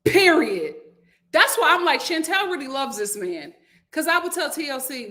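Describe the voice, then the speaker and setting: A young adult woman hosting a live reality TV review from home, chatting animatedly and reading viewer comments aloud. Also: moderate pace. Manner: chatty and animated, jumps to high-pitched exclamations and acted quotes. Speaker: host. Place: home room, lit by a window.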